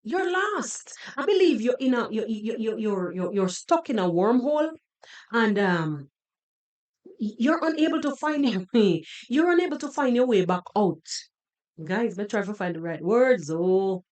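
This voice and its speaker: A woman's voice: on the high side, expressive, measured pace, darkish tone. A Jamaican woman hosting a podcast, giving sarcastic, scolding reaction commentary on a video and slipping into patois. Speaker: podcast host.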